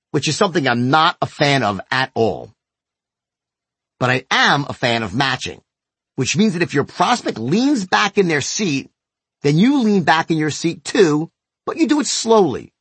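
A man with a husky, slightly breathy voice teaches sales technique, his pitch swinging up and down as he drives points home. He talks bluntly and emphatically and isn't shy about a curse word, and the sound is close and dry with no room in it. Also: fairly bright tone, dry recording. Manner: blunt and emphatic, with occasional swearing. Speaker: sales trainer. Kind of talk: instructional narration.

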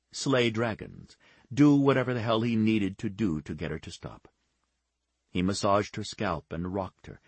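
A man narrating a romance novel in a steady, measured reading on a close studio mic. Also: lowish voice, breathy edge, no echo. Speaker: audiobook narrator.

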